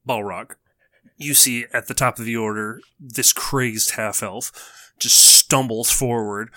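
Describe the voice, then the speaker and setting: A man's voice: medium pitch, bright, forceful tone, dry recording. A man narrating a tabletop game as game master, casual and laid-back with swearing.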